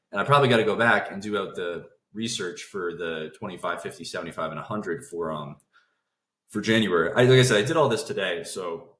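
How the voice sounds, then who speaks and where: A man hosting a casual trading lesson. He talks fast, keeps breaking off his own sentences and restarts them. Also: low voice, fairly bright tone, roomy sound. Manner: fast talker who interrupts his own thoughts. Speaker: trading video host.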